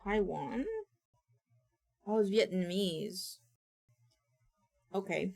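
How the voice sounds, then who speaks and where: A woman's voice: mid-range voice, a little slow, long pauses. A woman streamer chatting casually and thinking aloud, often mumbling to herself at a desk microphone. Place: home streaming setup.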